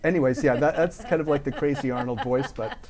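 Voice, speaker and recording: A Canadian man with a Canadian accent, appearing as a guest voice impressionist. He chats casually and jokes freely, landing quick punchlines. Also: mid-range voice, crowd noise. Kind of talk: casual interview chat.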